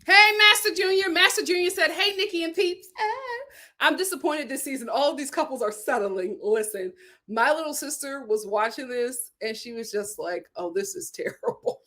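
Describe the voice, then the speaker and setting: A young adult woman hosting a casual livestream, reading viewer comments aloud in a chatty, animated way and laughing often. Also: high voice. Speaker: YouTube show host reading super chats.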